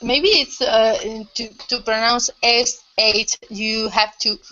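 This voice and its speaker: A woman practices carefully on a video call, pacing her words very slowly and hesitantly. Her voice is bright and sharp, and the audio comes through dull and lo-fi. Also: a little high, fairly even intonation. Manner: hesitant, laughs at her own mistakes. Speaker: language student. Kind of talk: practicing in an online lesson.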